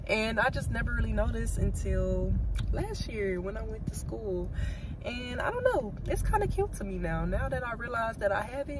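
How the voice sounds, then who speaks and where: A woman's voice: on the high side, animated, a little slow, background noise. A young woman with a Southern American accent, chatting casually to her camera as a vlogger and calling her viewers y'all. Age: young adult. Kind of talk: casual vlog chat to camera.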